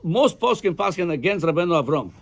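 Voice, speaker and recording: A man's voice: a little high, fairly quick. A man teaching a Torah class as a rabbi. He often repeats words while he thinks. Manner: animated, repeats words while thinking, mixes Hebrew and Aramaic terms.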